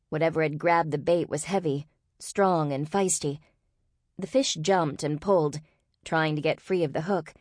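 A woman narrating an audiobook in a steady, expressive reading voice. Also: deep voice, no room sound, clean studio sound. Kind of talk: scripted narration.

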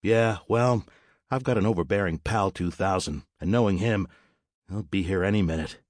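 A man's voice: sits low, normal speed, darkish tone, no room sound, studio quality. A man voicing a reckless male smuggler who talks in a mocking, smirking way.

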